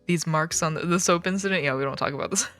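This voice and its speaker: A woman's voice: fairly low pitch, bright, forceful tone. A woman streamer reading a children's book aloud, breaking off for joking, swearing asides.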